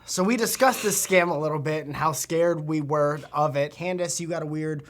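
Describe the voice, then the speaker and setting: A woman's voice: sits low, moderate pace. A woman co-hosting a casual comment-reading chat, joking and laughing often. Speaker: show host.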